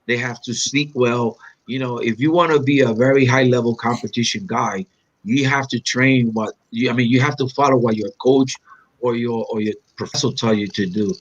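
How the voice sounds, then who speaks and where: A man from Puerto Rico reminiscing in an interview, animated and acting out quoted lines with big pitch jumps. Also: normal speed, lo-fi sound. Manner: animated storyteller, acts out quotes with sharp pitch jumps, non-native phrasing. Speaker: interview guest, black belt.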